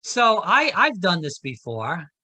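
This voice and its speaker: A man's voice: sits high, huge pitch swings, slow, sharp tone, slightly rough. A man hosting a podcast interview, asking conversational, rambling questions. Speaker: podcast host. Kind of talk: casual interview chat.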